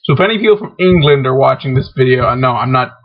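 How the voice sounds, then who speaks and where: A man's voice: mid-range voice, lively intonation, fast talker. A man talking in a rambling, hesitant opinion monologue, full of fillers and restarts. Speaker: vlogger. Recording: dull lo-fi webcam recording.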